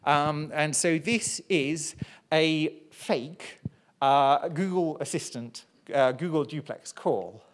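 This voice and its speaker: Presenter at a pub science night, chatty and self-deprecating, mid-pitched voice. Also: takes it slowly. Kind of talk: public science talk. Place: live pub science event.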